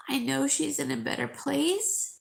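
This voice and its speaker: A woman live-streaming to her viewers, crying and talking haltingly with a sore throat, often repeating herself. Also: high voice, vocal fry. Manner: tearful, halting, repeats words.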